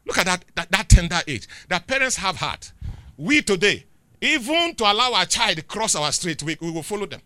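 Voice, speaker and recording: A middle-aged Nigerian man preaching a sermon, swinging between loud declarations and quiet asides. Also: high-pitched, big pitch swings, moderate pace, dry recording.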